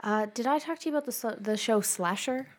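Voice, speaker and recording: A young woman co-hosting a podcast, telling an animated, mocking rant in casual chat. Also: fairly high pitch, a little fast. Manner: ranting, mocking, animated retelling. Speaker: podcast co-host.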